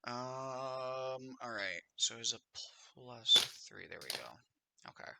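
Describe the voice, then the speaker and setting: A man acting as game master of a tabletop game, unhurried and pausing to check his notes. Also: medium pitch, vocal fry, heavy background noise.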